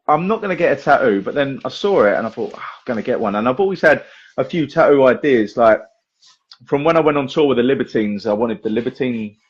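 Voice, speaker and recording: A man's voice: mid-range voice, husky, muffled recording. A man hosting a podcast, telling stories casually, with a lot of swearing. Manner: chatty storyteller, lively, swears, acts out voices. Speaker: podcast host and magician. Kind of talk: casual chat.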